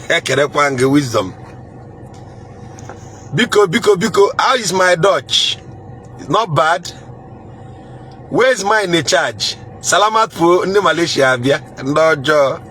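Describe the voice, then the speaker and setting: Playful Nigerian man, slightly high voice. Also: bright, forceful tone, slight background noise. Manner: playful, chuckling, repeats phrases, mixes in greetings. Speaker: livestream host reading viewer comments. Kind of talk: casual live chat.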